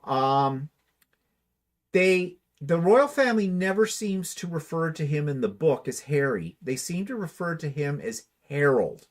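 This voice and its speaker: A man's voice: a little high, animated, measured pace. Wry, chatty man reading live comments. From Canada. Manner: wry, dry humor, chatty. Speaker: livestream co-host reading viewer comments. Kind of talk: casual chat.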